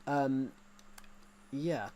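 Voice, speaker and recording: Give me a chatty young English man streaming a game, mid-pitched, with a faint hiss behind the voice. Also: extremely slow, mellow. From England. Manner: rambling, chatty, many restarts and fillers. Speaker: gaming streamer. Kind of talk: casual live-stream chat.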